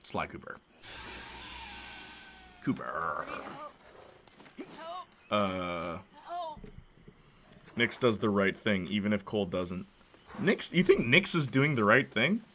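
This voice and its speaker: Bright-voiced chatty gaming streamer, male. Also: on the low side, lively intonation, moderate pace, a little hiss or hum. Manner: chatty, reads and answers chat, laughs often. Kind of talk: casual gameplay commentary.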